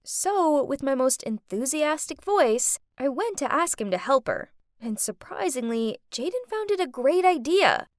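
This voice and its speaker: Young woman narrator, bouncy teen storyteller, up and down pitch, dry close mic. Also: dry recording. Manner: lively, chatty teen-girl storytelling with quick pitch jumps. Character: chatty teenage girl narrator. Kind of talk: first-person animated story narration.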